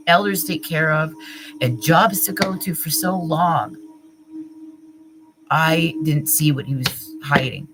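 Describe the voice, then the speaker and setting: A woman's voice: sits low, poor audio. A woman giving a live tarot reading, speaking passionately and voicing the client's feelings in the first person, with occasional swearing. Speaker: tarot reader. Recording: singing bowl music behind the voice. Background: singing bowl music.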